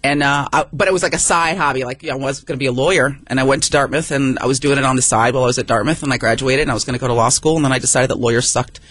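A woman comedian from San Francisco, a guest on a radio interview, telling stories in a rapid, animated, joking way. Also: extremely low pitch, no echo. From San Francisco, USA. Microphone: studio microphone.

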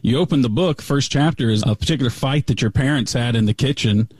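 A man interviewing a guest, asking questions in a curious, measured way. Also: mid-range voice, darkish tone, slightly rough, dry recording, clean studio sound.

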